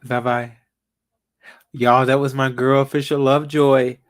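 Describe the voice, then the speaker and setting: A man's voice: medium pitch, little pitch movement, measured pace. A man hosting a casual live chat with callers, laid-back and rambling, with lots of fillers. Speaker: livestream host.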